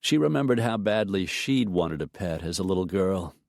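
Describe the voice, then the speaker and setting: Low-voiced male audiobook narrator, unhurried with animated pitch. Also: creaky, no room sound, studio quality. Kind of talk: scripted narration.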